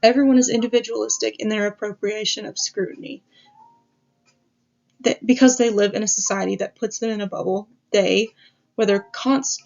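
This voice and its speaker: A woman's voice: mid-range voice, gravelly, darkish tone. A woman hosting a casual video essay over slides, rambling with self-aware asides and the odd swear. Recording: dull lo-fi audio.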